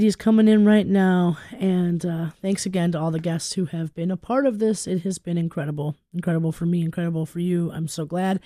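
A radio host talking casually between segments of a community radio tribute show, with lots of fillers. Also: female voice, fairly low pitch, dry recording, clean studio sound. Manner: warm, chatty, filler-heavy.

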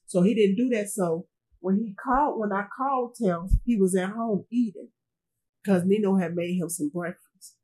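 Husky-voiced grieving mother recounting a loss. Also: mid-range voice, a little mellow, rough recording. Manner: halting, repeats phrases, trails off. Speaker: interviewee, bereaved mother. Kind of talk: emotional interview testimony.

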